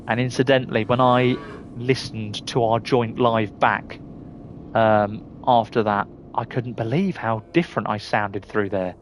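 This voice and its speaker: While streaming a game, this middle-aged man from England talks easily to his audience in a Surrey accent, calling out viewers' names and laughing a lot. His voice is mid-range, with a little background noise in the clip.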